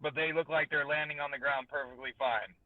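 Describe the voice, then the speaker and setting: A man's voice: a little high, steady tone, a little fast, phone-quality sound. A man playing a tabletop game, asking offhand questions in casual chat. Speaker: player.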